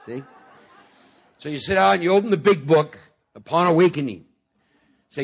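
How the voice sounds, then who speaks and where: A man with a husky, slightly breathy voice gives a talk to a live audience at a recovery meeting. He speaks conversationally and likes to joke, acts out little inner voices, and keeps checking in with his listeners. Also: fairly high pitch, animated, normal speed, long pauses.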